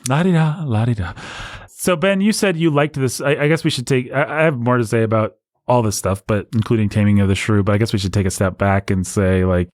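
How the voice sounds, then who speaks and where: A man with a slightly low voice holds forth on a casual movie podcast. He explains at length, circling back and restarting phrases as he goes. The sound is dry and close, with no room around it. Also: a little fast, few pauses, dry recording. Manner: talkative, explanatory, many restarts. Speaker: podcast co-host. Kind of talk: casual film discussion.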